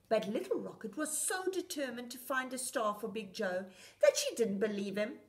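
A woman reading a picture book aloud to young children on a children's show, expressive and sing-song. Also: a little high, moderate pace.

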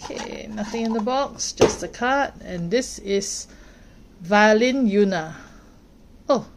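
Slow, soft-spoken woman unboxing toys. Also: medium pitch, very noisy. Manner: slow, gentle, delighted comments on each figure. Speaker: toy unboxing host. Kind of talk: unboxing narration, soft ASMR-like. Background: plastic crinkling and clicks from handling toys.

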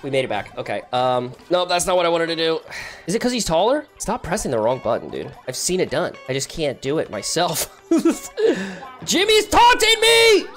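A young man giving casual, excitable commentary while playing a multiplayer game with friends, yelping and laughing at his mistakes. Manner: excitable, yelps high when frustrated, laughs often. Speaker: gaming YouTuber.

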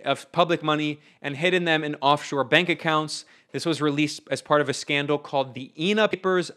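A man's voice: fairly high pitch, fairly bright tone. A young man giving an invited political talk, emphatic and sardonic, often restarting his phrases. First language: English. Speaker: invited speaker.

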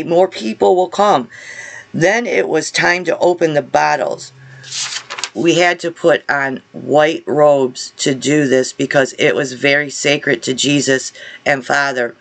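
A vlogger shares a religious vision as casual testimony, his voice slightly high, gravelly and a bit bright. Earnest throughout, the man stumbles, going back over words and beginning his phrases again.

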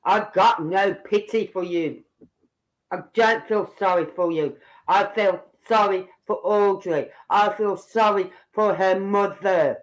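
A woman commentator reacting to a news clip with blunt, heated anger and the odd curse. She speaks slowly and deliberately in a mid-range voice. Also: mid-range voice, rough recording. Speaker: online commentator.

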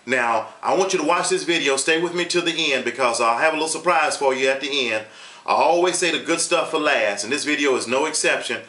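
A man's voice: a little high, fairly quick, bright, forceful tone, roomy sound. A man hosting his own online channel, telling a history story in a casual, emphatic way and repeating points for effect. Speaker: YouTube host.

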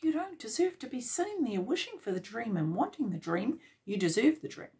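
A woman's voice: a little high, big pitch swings, brisk, darkish tone. A woman giving a tarot reading, speaking encouragingly and directly to her viewers with lots of repetition. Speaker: tarot reader.

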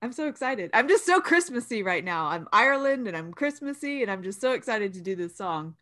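A woman's voice: mid-range voice, sing-song, brisk, pushed and bright. A woman co-hosting a podcast, chatting casually and telling rambling stories with frequent laughter. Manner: bubbly, laughs often, rambling storytelling. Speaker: podcast co-host. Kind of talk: casual chat.

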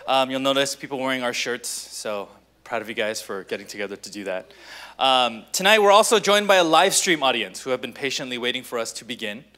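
A pastor hosts a church conference and introduces its first speaker over a stage mic in a large hall. His voice is mid-pitched, bright and forceful. He talks in a relaxed, friendly way and leans on lots of filler words. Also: fairly quick. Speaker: youth pastor and event host.

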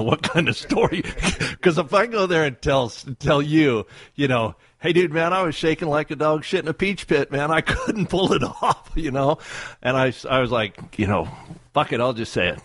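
A man co-hosting a radio show in casual chat, telling a story in a profane, animated way and laughing often. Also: mid-range voice, normal speed, dry recording. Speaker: radio co-host.

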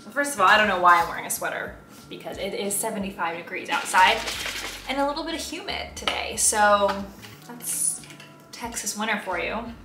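A woman's voice: mid-range voice, moderate pace, background noise. Chatty young woman in a roomy room. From United States. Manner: chatty, rambling, self-deprecating asides. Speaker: lifestyle vlogger. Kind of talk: casual vlog chat. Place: home room in Texas. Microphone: camera on a tripod.

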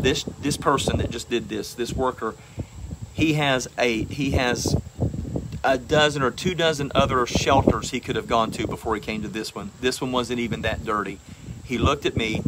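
Guy preaching into his phone outside, mid-pitch voice, insects buzzing in the background. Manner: earnest storytelling, repeats phrases for emphasis. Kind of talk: informal preaching to camera. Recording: outdoor insect noise.

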